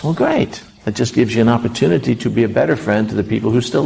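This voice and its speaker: Gravelly-voiced preacher asking rhetorical questions. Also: male voice, mid-range voice, fast, hardly any pauses, darkish tone. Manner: emphatic storytelling, rhetorical questions. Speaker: pastor. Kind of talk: sermon.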